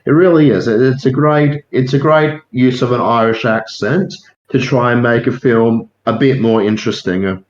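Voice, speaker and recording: A man's voice: medium pitch, normal speed. A man in a casual podcast discussion, chatty and enthusiastic. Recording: echoey, dull lo-fi room sound.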